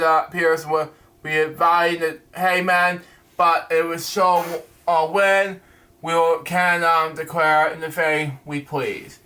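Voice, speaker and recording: Halting male comic reviewer reading panels aloud, fairly high pitch, slow delivery with restarts. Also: bright, forceful tone. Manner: halting, stumbling over words and restarting.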